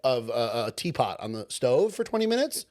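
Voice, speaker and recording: A man's voice: mid-range voice, sing-song, normal speed, darkish tone. A young man co-hosting a podcast in casual chat, teasing his co-host with dry humor.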